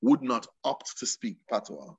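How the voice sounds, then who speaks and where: Emphatic Jamaican man, lively husky voice. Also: medium pitch, measured pace, no room sound. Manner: emphatic, mixes patois with English. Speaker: guest. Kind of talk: passionate conversational interview.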